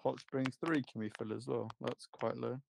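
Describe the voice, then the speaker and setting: A man's voice: mid-range voice, fairly even intonation, moderate pace, vocal fry, background noise. Male teammate on voice chat, dry teasing tone, casual gaming banter. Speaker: fellow player on voice chat.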